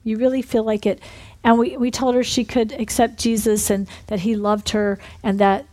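A woman minister telling a story in a sermon, animated, breaking into shouted re-enactments. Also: on the high side, normal speed. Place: church building.

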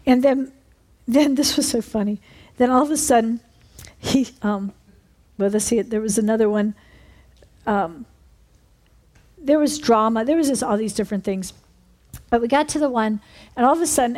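A woman preacher giving an animated sermon testimony, calling out to the congregation for amens. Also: a little high. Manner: animated storytelling, asks for amens.

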